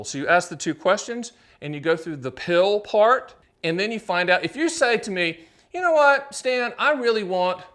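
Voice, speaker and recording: A middle-aged man hosting his own show as an agent, explaining to camera in a punchy, salesy patter full of rhetorical questions and quick asides. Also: high-pitched, fairly bright tone. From United States. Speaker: annuity agent and show host. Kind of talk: energetic solo explainer to camera.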